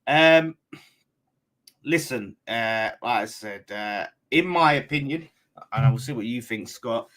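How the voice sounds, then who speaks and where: A man's voice: mid-range voice, unhurried, a bit bright. A man hosting a live-streamed football fan chat, talking casually and swearing freely. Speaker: fan channel host.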